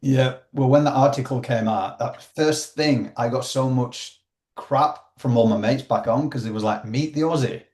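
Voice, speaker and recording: A man with a Yorkshire accent talks in a relaxed, chatty way as a podcast host, tossing in "mate" as he goes. His pitch sits in a typical middle range for a man. The room around him rings with a clear echo. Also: normal speed. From Yorkshire, England. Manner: chatty, says "mate" often. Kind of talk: casual interview chat.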